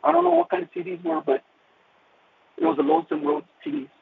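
Man giving a halting, emotional testimony, with a gravelly voice that swings up and down in pitch, over a tinny line. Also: very animated. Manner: halting, with many restarts and repeated words. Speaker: caller sharing a personal testimony. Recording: tinny phone-like line with faint hiss.

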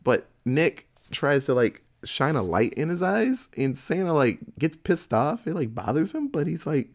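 A man's voice: a little high, very animated, measured pace. A man in casual chat, retelling a movie plot in a profane, laughing storytelling manner.

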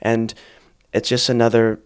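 A man's voice: medium pitch, monotone, measured pace, clean tone. Earnest, reflective male podcast host. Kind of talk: casual spiritual chat.

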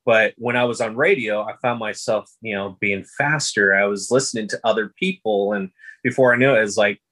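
A man who works as a public address announcer, chatting in an interview and telling stories in a loose, animated way. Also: lowish voice, brisk, rough recording. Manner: storytelling, animated impressions of announcers. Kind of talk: casual interview talk.

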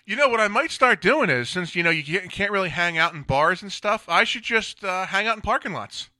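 A man's voice: sits high, animated, a little fast, bright, forceful tone. A male podcast host in casual chat, blunt and ranting, swearing freely. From Philadelphia area. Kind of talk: casual talk show chat.

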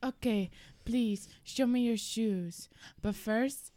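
A woman's voice: on the high side, slow pace, warm tone, dry recording. Brief: eccentric Italian woman with a put-on accent, earnest and absurd, played by a woman in an improv scene. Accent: fake Italian accent. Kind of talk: improvised comedy role-play.

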